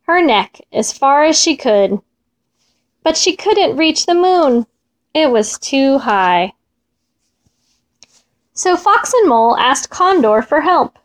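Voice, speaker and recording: High, slow-reading woman storyteller. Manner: gentle, expressive, drawn-out repetitions. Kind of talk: reading a children's folk tale aloud.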